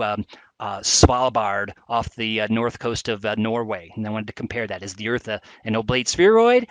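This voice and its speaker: A man hosting a live educational webcast, talking with chatty enthusiasm and frequent fillers. His voice sits in an average pitch. The sound is dry and close, with no room echo. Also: a bit bright. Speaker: webcast presenter.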